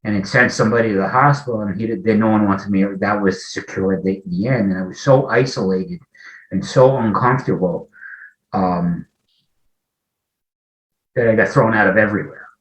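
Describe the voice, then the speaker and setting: A man in his forties sharing a personal recovery story in a conversation, talking haltingly, often restarting sentences and acting out remembered dialogue. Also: on the low side. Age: 40s. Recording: echoey, muffled lo-fi audio.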